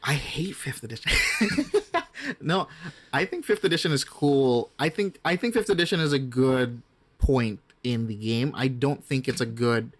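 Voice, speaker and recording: A man talking as a guest game master in a casual podcast interview, chatty, with many restarts and asides. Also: medium pitch. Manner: chatty, frequent restarts and asides, slips into quick impressions.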